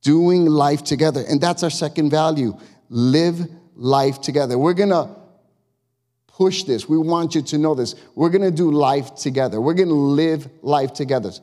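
Male pastor, higher-pitched and mellow, conversational and emphatic sermon, echoing sanctuary. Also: moderate pace. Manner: conversational, emphatic, asks the congregation questions. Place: church sanctuary. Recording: long reverb of a church hall.

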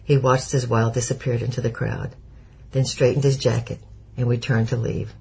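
A man narrating an audiobook chapter in a measured storytelling manner. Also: mid-range voice, level tone, vocal fry, darkish tone, slight background noise, low-quality recording. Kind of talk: scripted narration.

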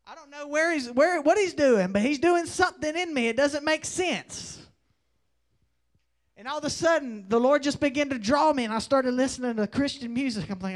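A young man preaching a testimony in a sermon, telling his story with animated swings between loud declarations and hushed asides. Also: very high-pitched, brisk.

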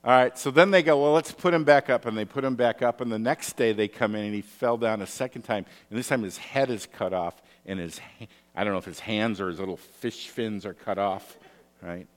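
A man preaching a sermon, telling stories in an animated way with asides and rhetorical questions. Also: fairly low pitch, fairly quick. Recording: long hall reverb.

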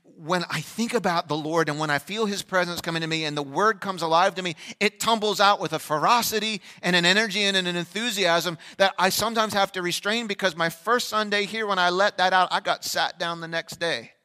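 A man preaching an energetic Easter sermon as pastor, shifting between loud fervent bursts and quiet, reflective asides. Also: high-pitched, brisk, few pauses. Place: large church sanctuary. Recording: long church hall reverb.

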